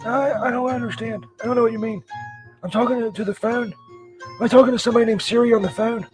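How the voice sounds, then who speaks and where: A man playing a dim, foul-mouthed Saint Peter in a comedy sketch, who is baffled and then cusses in a high, yelling voice. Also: steady tone, quick pace, over music. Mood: confused. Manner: bewildered, then explodes into profane rage.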